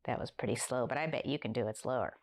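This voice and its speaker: A woman from Newfoundland hosting a library story time, talking warmly and playfully straight to young children. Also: very deep voice, fast talker. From Newfoundland, Canada. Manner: animated, coaxing, talks straight to young children.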